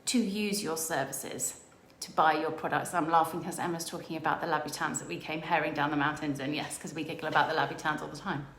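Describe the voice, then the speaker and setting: A middle-aged woman business coach giving an enthusiastic motivational talk, telling stories with excited quoted voices. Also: deep voice, quick pace, few pauses, echoey room. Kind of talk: motivational monologue.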